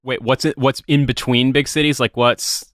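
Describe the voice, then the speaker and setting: A man's voice: medium pitch, steady tone, moderate pace, fairly bright tone, no echo, clean studio sound. A man from the United States co-hosting a podcast, rambling through stories in casual chat and swearing freely. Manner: rambling, swears casually, tries silly voices. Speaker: podcast co-host.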